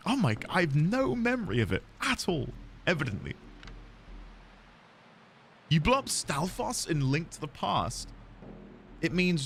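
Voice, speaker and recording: British man, game streamer, chatty and self-amused, fairly high voice, very lively pitch. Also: a little slow, long pauses, faint music behind. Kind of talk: casual gameplay chat.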